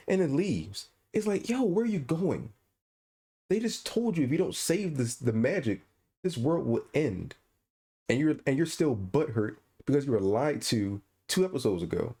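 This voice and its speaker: A man's voice: medium pitch, normal speed, husky. A man co-hosting a podcast in casual chat, ranting with incredulous energy. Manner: animated, incredulous ranting with laughs. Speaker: podcast co-host.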